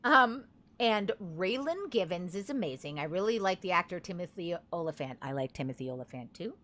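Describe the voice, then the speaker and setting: A woman's voice: fairly low pitch, animated, brisk, fairly bright tone. A young woman streaming a game, rambling in a chatty, self-deprecating way as she plays. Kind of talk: casual gameplay commentary.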